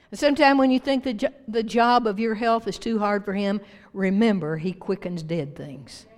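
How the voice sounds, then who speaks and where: A woman pastor preaching a sermon to her church with emphatic swings in pitch and volume. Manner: emphatic preaching with big rises and drops in pitch and loudness. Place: church sanctuary. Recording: long reverb of a church hall.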